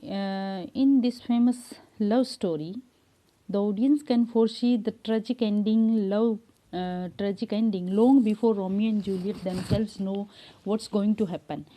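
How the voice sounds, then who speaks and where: An Indian English-accented woman giving a classroom lecture, her voice very dark and mellow. She explains at an unhurried pace, pausing on frequent "uh"s and "um"s. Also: mid-range voice, fairly even intonation.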